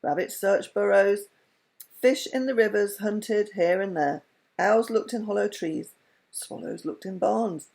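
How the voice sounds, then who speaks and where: A woman reading a children's story aloud with an expressive, lilting delivery. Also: medium pitch, unhurried, gravelly, slightly rough.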